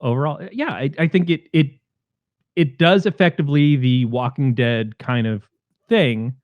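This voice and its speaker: In dull-sounding audio without echo, a man of medium pitch and moderate pace co-hosts a podcast, casually reviewing a movie and enthusiastically recounting its scenes.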